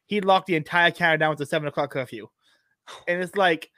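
Young Florida man, twenties, stream host, high-pitched, casual and swears freely. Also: fast talker, a bit bright, no room sound, clean studio sound. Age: 20s. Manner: laid-back, laughs often, swears casually. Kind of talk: casual livestream chat.

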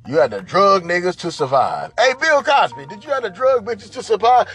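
A man's voice: sits high, very animated, brisk, hardly any pauses, fairly bright tone, faint music behind. A man hosting a podcast, ranting crudely and rambling with comic asides and repeated "right?"s. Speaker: podcast host. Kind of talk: profane comedic rant.

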